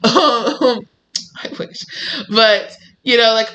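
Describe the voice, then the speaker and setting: A woman tarot reader shares a casual spiritual message, chatty and animated, full of "like" and "you know." Her voice is lowish, her speed normal, and the audio poor.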